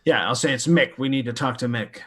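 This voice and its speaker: A man's voice: medium pitch, fast, a bit bright. A man playing in a tabletop role-playing game, plainly declaring what his character does. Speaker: player.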